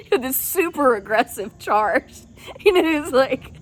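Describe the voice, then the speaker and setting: A woman's voice: high-pitched, lively intonation, slow, pauses often, slight background noise. A middle-aged woman hosting a podcast, telling funny stories in a chatty, folksy way and laughing often. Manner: chatty, folksy address to listeners. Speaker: podcast host. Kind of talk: casual storytelling monologue.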